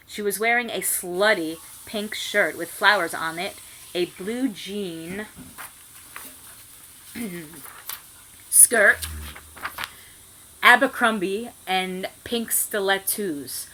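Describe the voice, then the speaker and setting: A woman giving a comic dramatic reading at home, shouting the quoted lines and reading the punctuation aloud in a flat voice. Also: mid-range voice, a little hiss or hum, rough recording. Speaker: guest reader.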